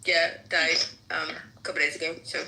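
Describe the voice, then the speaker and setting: A woman joking around in a voice chat room, her tone sarcastic and playful. Her voice is sharp and bright, and it sits a little low for a woman. The sound is echoey. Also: flat delivery, vocal fry. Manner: sarcastic, playful, quick comebacks. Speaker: participant in an online voice chat room. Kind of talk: casual joking group chat.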